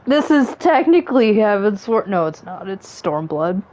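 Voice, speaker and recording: Woman game streamer, casual joking commentary, laughs a lot, mid-pitched voice. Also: big pitch swings, normal speed, a little mellow, low-quality recording.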